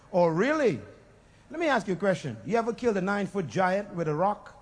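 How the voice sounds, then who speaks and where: A male preacher. He swings between booming shouts, laughter and low teasing asides, pulling the congregation into call-and-response. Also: very animated, fairly quick. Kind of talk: sermon.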